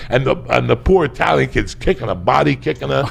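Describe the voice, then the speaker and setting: With a crowd audible behind him, this New Jersey and New York area man, a podcast guest, races through a comedic story at a quick, animated clip. His creaky voice jumps from loud, profane shouts down to low mutters.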